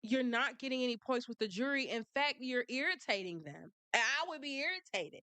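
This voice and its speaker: Bright-voiced sassy woman, high pitch. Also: expressive, brisk, smooth, no room sound. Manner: blunt, sassy and exasperated, with frequent laughter. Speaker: streamer commenting on a trial. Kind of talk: casual commentary.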